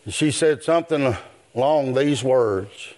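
An older man, preaching a sermon in a rhythmic style that builds to shouts. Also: medium pitch, a little slow.

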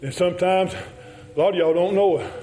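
A man's voice: high-pitched, normal speed, dark tone, low-quality recording. A man preaching a folksy sermon, telling stories and chuckling often.

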